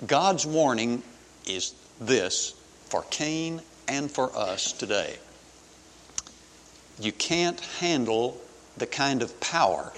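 A man preaching a sermon in an earnest, measured way, with pauses between phrases. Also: medium pitch, a bit bright. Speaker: pastor. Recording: long hall reverb.

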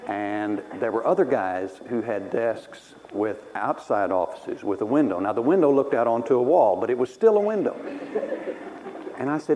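A man's voice: medium pitch, animated, moderate pace, dark tone, slight background noise, low-quality recording. A man from Texas preaching a sermon through personal stories, wry and self-mocking, laughing at himself as he tells them.

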